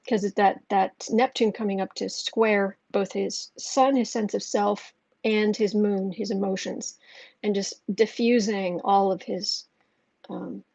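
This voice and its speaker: A woman's voice: mid-range voice, fairly even intonation, a little slow, creaky, darkish tone, slightly rough, dry recording. A woman hosting a live tarot reading stream. She reads viewer comments aloud and talks in an emotional, rambling way with many restarts. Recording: dull, lo-fi sound.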